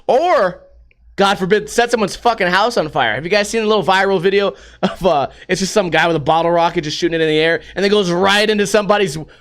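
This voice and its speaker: A man with a high, bright voice hosts a casual news-commentary podcast. He jokes and curses freely as he goes, and breaks into laughter often. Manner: profane and joking, laughs often. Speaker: podcast host.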